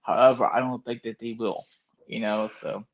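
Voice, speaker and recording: A man's voice: medium pitch, fairly even intonation, normal speed, lo-fi sound. A man co-hosting a sports podcast, loose and teasing with frequent laughs. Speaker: co-host. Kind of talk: casual sports podcast banter.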